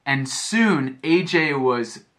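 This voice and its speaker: An American man teaching a lesson as a story, speaking clearly and repeating phrases to explain them. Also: mid-range voice, lively intonation, drawn-out words, a bit bright. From United States. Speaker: English teacher. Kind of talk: slow storytelling lesson for learners.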